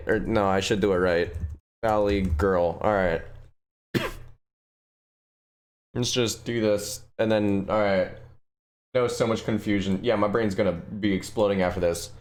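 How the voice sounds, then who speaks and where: A man's voice: fairly low pitch, a little slow, pauses often. A man streaming a game live, chatting casually with viewers and rambling through their requests. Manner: rambling, answers chat requests, restarts sentences. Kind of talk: casual live-stream chat while gaming.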